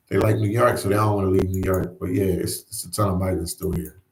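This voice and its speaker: A man's voice: sits low, steady tone, fast talker, reverberant, rough recording. A man hosting a casual livestream, reading viewer comments and chatting in an easygoing way, repeating himself and often saying "man". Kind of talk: casual live chat. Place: New York.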